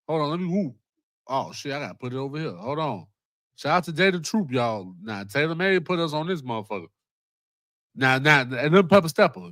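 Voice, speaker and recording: Excitable cussing vlog host guy, high voice, super bouncy. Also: dry recording, clean studio sound. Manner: excitable, profane, repeats himself. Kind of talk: casual commentary vlog.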